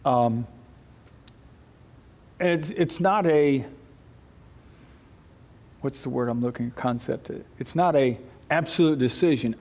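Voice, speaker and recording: A man's voice: mid-range voice, darkish tone. Man leading a Bible study class. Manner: conversational, halting restarts, chuckles. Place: church classroom.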